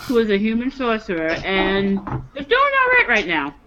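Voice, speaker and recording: A woman's voice: mid-range voice, wildly swooping pitch, moderate pace, dull audio. A woman player in a tabletop game stream, bantering and joking in a teasing, playful way on a noisy home mic. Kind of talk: casual banter among players.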